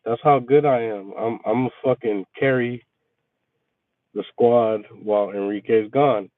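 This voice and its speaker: A man telling a casual, profane story about his workday, venting with animated energy. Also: mid-range voice, a little slow, no echo. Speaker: resort maintenance worker chatting with viewers. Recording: tinny phone-like, dry sound.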